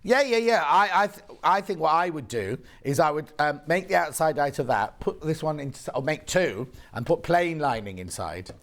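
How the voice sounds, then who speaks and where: Bubbly woman, TV shopping presenter, lively up-and-down delivery, chatty asides. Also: deep voice, normal speed, hardly any pauses. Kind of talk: live TV shopping sales chat. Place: TV studio.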